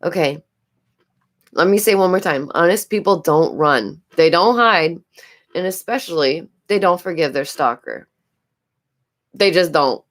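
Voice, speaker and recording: Host: New York-accented woman, lowish voice, stuffy nose, chatty live-stream commentary with frequent giggles. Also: animated, measured pace, pauses often. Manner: chatty, repeats phrases, giggles often.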